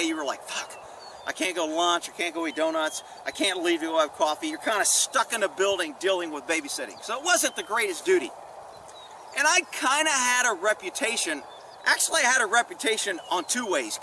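Profane, rambling middle-aged man storyteller. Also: sits high. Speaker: former police officer telling stories. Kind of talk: casual storytelling vlog. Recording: distant mic with faint background noise.

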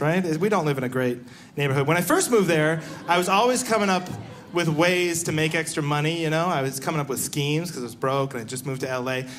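A young man performing a stand-up comedy set on a live stage, telling stories and acting out the voices of the people in them. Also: a little high. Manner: animated storytelling, acting out voices.

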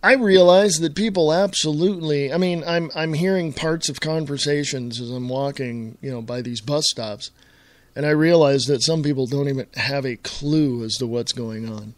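A man hosting his own talk radio show, chatting in a rambling, casual way and clearing his throat often. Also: fairly high pitch, moderate pace, no room sound.

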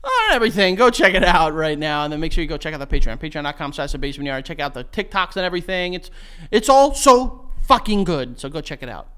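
A man's voice: fairly high pitch, big pitch swings, very fast, few pauses, sharp tone, clean tone. A man, co-hosting a casual podcast and telling rambling, joking stories. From New York. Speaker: podcast co-host.

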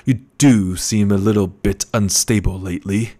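A man voicing a gluttonous, scheming older male baron who speaks slowly and condescendingly. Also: on the low side, fairly even intonation, warm tone, natural voice. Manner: slow, menacing and condescending.

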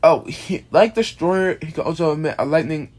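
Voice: medium pitch, normal speed, a little mellow. Tired, foul-mouthed creator rambling through a casual monster-character explainer. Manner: rambling, restarts often, swears casually. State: tired, yawning. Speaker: video creator presenting an original monster character.

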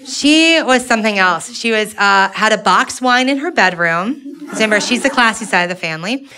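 A woman doing stand-up comedy, telling a story in a sarcastic, animated way into a handheld mic on a club stage. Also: medium pitch, moderate pace, crowd noise. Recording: live audience laughing around.

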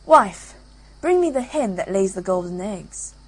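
Booming greedy ogre, as a woman narrator puts him on. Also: expressive, measured pace, husky. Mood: bellowing. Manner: booming shouts. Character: huge bellowing male ogre, greedy and brutish.

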